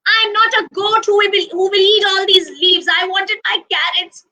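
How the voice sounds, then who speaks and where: A woman's voice: extremely high pitch, steady tone, pushed and bright, voice pushed up, low-quality recording. A woman voicing a fretful male storybook creature who loves carrots and wails and accuses when upset. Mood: angry. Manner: anxious, wailing, quick to accuse.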